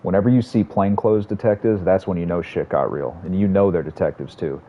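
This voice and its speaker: Man streaming a game, low voice, rambling and swearing, slightly muffled audio, faint room hum. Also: brisk. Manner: rambling, profane, storytelling. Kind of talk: casual chat while streaming a game.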